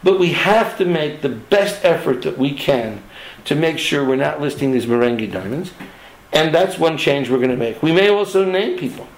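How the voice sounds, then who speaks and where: A man's voice: a little high, lively intonation, moderate pace, roomy sound, low-quality recording. A man who runs a diamond trading network, making an impassioned, emphatic appeal to its members to stay honest.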